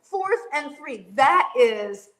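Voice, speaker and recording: A middle-aged woman chatting as a podcast guest, telling lively stories and acting out her own shouting. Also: sits high, slow pace. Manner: animated storyteller, acts out her own yelling. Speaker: guest, sports analyst. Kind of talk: casual podcast chat.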